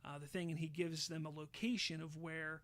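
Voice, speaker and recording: A man hosting a podcast, casually retelling a show's plot with lively, swear-laden storytelling. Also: fairly high pitch, brisk. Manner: animated storyteller, swears freely, acts out quotes. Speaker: podcast host.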